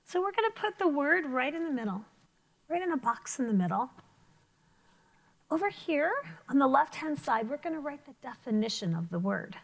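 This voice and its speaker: Teaching vocabulary to young pupils, an elementary school teacher asks questions and offers praise to encourage them. Her voice sits high and creaky, swinging widely in pitch at a normal speed.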